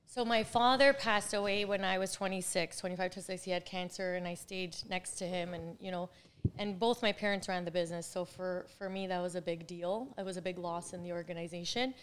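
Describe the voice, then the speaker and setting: This woman, a real estate coach in her 40s, has a lowish, smooth voice with fairly even intonation and a fairly quick pace. As an interview guest, she chats casually, telling stories and laughing a lot.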